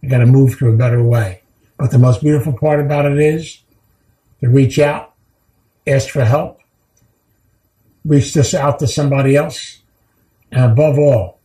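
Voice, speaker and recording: A man's voice: medium pitch, mellow, echoey room, poor audio. A man giving a heartfelt recovery talk, telling stories earnestly and repeating key phrases for weight. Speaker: recovery speaker.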